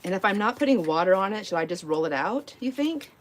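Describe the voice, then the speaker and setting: A woman's voice: mid-range voice, animated, fast talker, slight background noise. Giggly, rambling woman host at home. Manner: rambling, giggly storytelling with many fillers. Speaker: live-stream crafting host. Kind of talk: casual chat while crafting. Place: home craft space.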